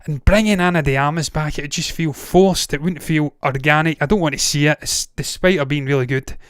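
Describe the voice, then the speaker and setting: A man's voice: on the high side, brisk, smooth, no echo, clean studio sound. A Glaswegian-accented Scottish man hosting a movie news show, ranting casually with blunt swearing and frequent digressions. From Scotland. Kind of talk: casual opinionated commentary.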